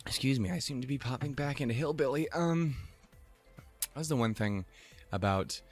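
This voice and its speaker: A man's voice: medium pitch, normal speed, faint music behind. A man from Montana hosting a casual reaction video, giggly, swearing freely and poking fun at himself. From Montana, USA. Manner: giggly, profane, self-mocking.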